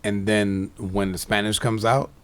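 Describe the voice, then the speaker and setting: Podcast co-host: a laid-back man with a lowish voice, chatty, laughs along with his friend. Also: steady tone, measured pace. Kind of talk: casual chat.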